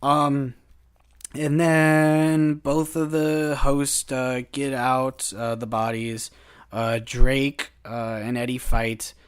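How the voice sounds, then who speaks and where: A man's voice: medium pitch, little pitch movement, smooth. Give me a man rambling through a plot recap. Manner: halting, full of uh and um fillers. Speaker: guest movie reviewer. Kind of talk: casual plot retelling.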